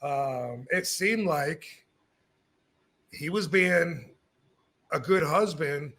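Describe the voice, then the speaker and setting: A man's voice: a little high, drawn-out words. A middle-aged man hosting a podcast, telling a story in casual talk and acting out what others said. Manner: animated, acts out quoted dialogue, frequent restarts. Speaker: podcast host.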